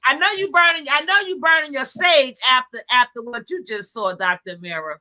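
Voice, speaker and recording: A woman hosting a casual gossip livestream, animated and slangy, quick to laugh. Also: high-pitched. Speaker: livestream host.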